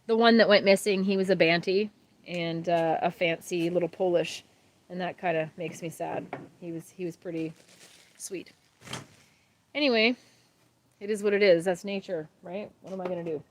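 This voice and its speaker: A woman, chatting casually as a homesteading host on a livestream, rambling and warm-hearted. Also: fairly low pitch, fairly even intonation, moderate pace, long pauses, slight background noise. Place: outdoors at night by a grill.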